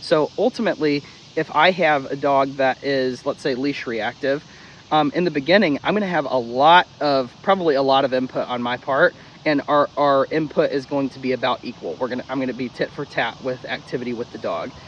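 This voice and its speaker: A dog trainer with a mid-range voice walks through correction step by step, talking briskly in a blunt, casual manner. He swears freely and repeats the key steps in a drill-like rhythm. The audio is dull, with a little hiss or hum.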